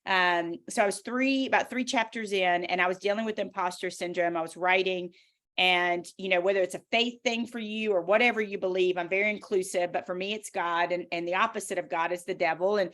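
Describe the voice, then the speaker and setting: A woman with a Southern US accent, an author talking through her own stories in a lively, motivational way as an interview guest. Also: lowish voice, brisk. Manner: animated, storytelling, motivational. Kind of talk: casual interview talk.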